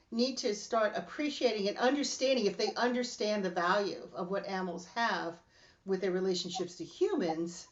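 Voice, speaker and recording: A middle-aged woman hosting a casual podcast chat, telling animated stories and laughing often. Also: mid-range voice, muffled recording. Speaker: podcast host.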